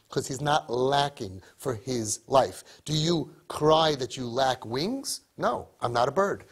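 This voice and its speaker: Brief: male religious speaker, husky, emphatic sermon delivery. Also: mid-range voice. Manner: emphatic, rhetorical questions. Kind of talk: storytelling sermon.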